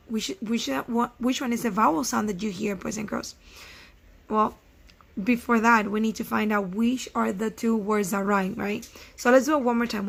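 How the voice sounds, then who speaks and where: Slow, gravelly first grade teacher. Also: female voice, a little high, fairly bright tone. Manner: slow and patient, sounding out words letter by letter; encouraging, praising the children. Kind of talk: recorded phonics lesson for young children.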